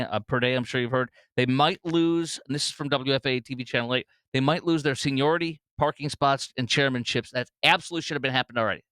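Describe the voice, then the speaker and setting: A man's voice: medium pitch, a bit bright, clean tone, no echo. A man hosting a political talk show, rambling through commentary with many fillers and restarts.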